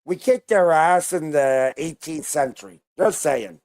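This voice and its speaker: Unhurried, blunt woman hosting reactions, lively pitch. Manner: blunt, rambling, slangy. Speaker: reaction video host. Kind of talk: casual reaction commentary.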